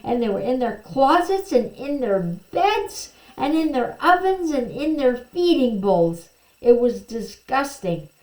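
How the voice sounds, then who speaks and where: A woman teacher telling a Bible story to children in a slow, gentle way, pointing out the pictures as she goes. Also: high voice, very animated. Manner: slow, gentle storytelling, quoting figures with a bit more lift. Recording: echoey room.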